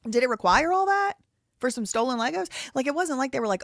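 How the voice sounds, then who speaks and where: A woman's voice: sits high, expressive, fast, dry recording, clean studio sound. A woman with a Southern American accent hosting a live show, chatting casually and reading out viewer donations and messages. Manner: chatty, thinks aloud, reads viewer messages. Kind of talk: casual live-stream commentary.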